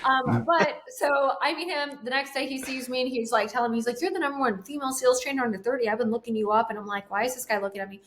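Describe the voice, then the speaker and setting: A woman's voice: sits high, quick pace, hardly any pauses, a little hiss or hum. A woman in her twenties, a guest telling a casual story and acting out the quotes in it. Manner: animated, acts out quotes, laughs often. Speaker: guest, sales trainer.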